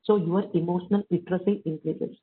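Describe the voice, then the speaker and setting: Woman, Indian accent, workshop lecture, husky voice, phone-like sound. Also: lowish voice, fairly even intonation, quick pace. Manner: explains by examples, mixes English and Hindi. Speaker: workshop speaker. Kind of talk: online lecture. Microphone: video call. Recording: tinny call audio.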